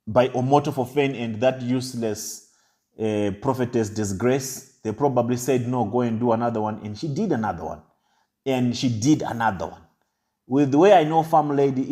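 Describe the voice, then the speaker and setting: Impassioned male commentator, mellow tone. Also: mid-range voice. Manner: impassioned, preachy, deliberate. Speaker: online commentator. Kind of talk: commentary monologue.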